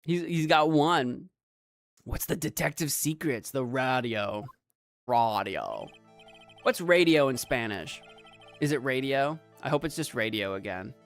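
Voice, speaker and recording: A man streaming a game, giving playful, animated commentary and bantering with his chat. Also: medium pitch, a little slow, no room sound, soft background music. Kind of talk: let's play commentary.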